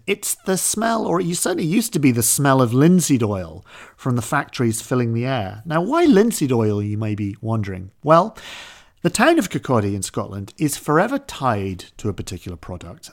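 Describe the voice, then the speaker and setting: A man hosting a history podcast, telling the story in a lively, conversational way. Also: medium pitch. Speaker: podcast host.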